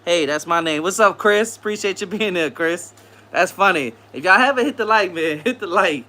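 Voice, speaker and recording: Guy on his live stream, bright voice kinda high, chill, shouts out folks in chat by name. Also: moderate pace. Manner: relaxed, greets viewers by name, repeats phrases. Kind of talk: casual live chat reading comments.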